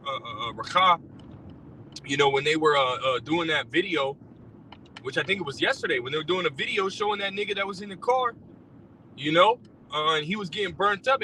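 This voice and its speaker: Here the same kind of rant comes in a high, sharp male voice: a rideshare driver going off about scripture, crude and blunt, full of fillers and repeated phrases. He's in a car, and the distant mic picks up faint road noise.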